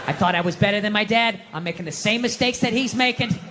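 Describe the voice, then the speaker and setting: A middle-aged male comedian tells a story on stage, swearing freely and mocking himself in an exasperated, lively voice. His stage mic carries a long hall echo with faint noise underneath. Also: high-pitched, fast. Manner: profane, exasperated, self-mocking. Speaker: stand-up comedian. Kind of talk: stand-up storytelling. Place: comedy stage before a live audience.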